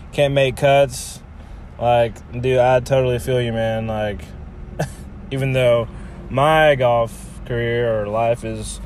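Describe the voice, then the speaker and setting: A man's voice: medium pitch, a little mellow, a little hiss or hum. A man talking casually about his golf game in a loose, rambling way, full of fillers and the odd swear word. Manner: filler-heavy, laid-back, swears casually. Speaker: amateur golfer podcaster.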